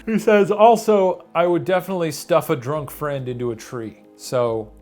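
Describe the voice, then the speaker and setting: A man's voice: a little high, normal speed, a little mellow, soft background music. A young man co-hosting a casual chat, dry and teasing, reading out listener comments. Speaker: co-host. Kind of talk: casual banter.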